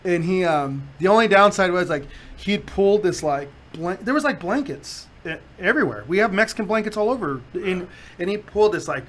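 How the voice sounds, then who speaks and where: Brisk and high-pitched, a man hosts a podcast full of casual storytelling. He's animated, acts out the quotes, and laughs often.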